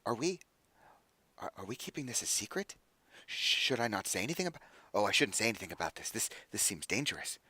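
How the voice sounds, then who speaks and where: A man's voice: medium pitch, animated, fast talker, a bit bright, lightly acted. A man voicing a flustered, eager recluse who stammers and trips over his words.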